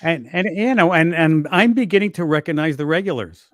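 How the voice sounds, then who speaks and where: A man's voice: fairly high pitch, expressive, fairly bright tone, no room sound. Joking older man radio host. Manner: dry joking, halting restarts. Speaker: radio show host, guest at trivia. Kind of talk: casual chat. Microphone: video call.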